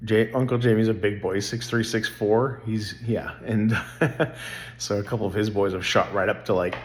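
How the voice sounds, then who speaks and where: Middle-aged man, lowish voice, earnest and rambling, casual family vlog talk. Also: steady tone, normal speed. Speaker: vlogger.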